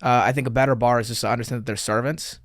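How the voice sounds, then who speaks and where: A man's voice: medium pitch, fairly even intonation, rapid-fire, dry recording. Man, comedian type, casual rambling banter, salty language, dry studio sound. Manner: loose, talkative, swears freely. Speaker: comedian podcast co-host. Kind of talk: casual podcast chat.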